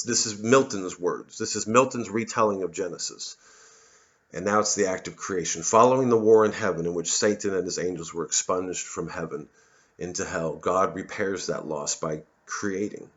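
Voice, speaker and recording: A man rambles through a satirical monologue, sardonic and quick to swear. His voice sits low. The recording is muffled and lo-fi. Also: a bit bright. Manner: sardonic, swearing, mocks others in put-on voices. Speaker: comedian and satirist.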